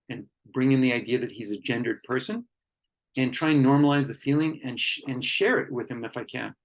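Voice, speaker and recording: Gravelly-voiced man giving a heartfelt talk. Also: medium pitch, lo-fi sound. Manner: earnest, heartfelt, speaks with pauses and fillers. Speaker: workshop speaker on men and conflict. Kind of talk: reflective workshop talk.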